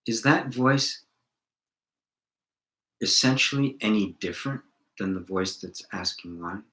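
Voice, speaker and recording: Calm reflective man, somewhat low voice. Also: a little slow, echoey room, rough recording. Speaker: spiritual teacher. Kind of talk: live satsang talk with viewer questions.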